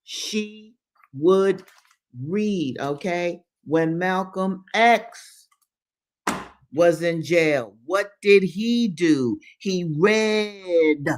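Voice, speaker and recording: A woman's voice: fairly low pitch, animated, very slow, slight background noise. A woman hosting a book-reading show, reading aloud and breaking off into passionate commentary that stresses points by repeating phrases. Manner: emphatic, repeats phrases for stress, preacher-like address. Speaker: host reading books aloud.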